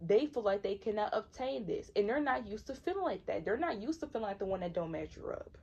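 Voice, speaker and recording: A woman's voice: mid-range voice, lively intonation, fairly quick, darkish tone, husky. A woman in her twenties from Michigan giving a casual, slangy tarot reading, repeating herself for emphasis. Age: 20s. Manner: conversational, repetitive, slangy, emphatic. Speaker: tarot reader.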